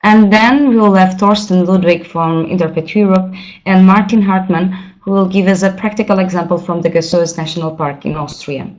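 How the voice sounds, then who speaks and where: Lowish woman moderator on dull web audio. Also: normal speed, a little mellow. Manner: polite, hesitant with fillers. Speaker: webinar moderator. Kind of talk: webinar introduction.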